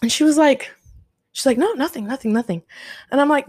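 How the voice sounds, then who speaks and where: A young woman with a high voice tells a story briskly in a casual chat. Her manner is profane and animated, and she quotes people by imitating how they sounded.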